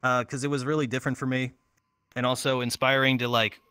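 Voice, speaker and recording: A man's voice: medium pitch, flat delivery, brisk, sharp tone, clean tone, no echo, studio quality. A man chatting as a podcast guest in an easygoing, giggly way. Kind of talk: casual podcast chat.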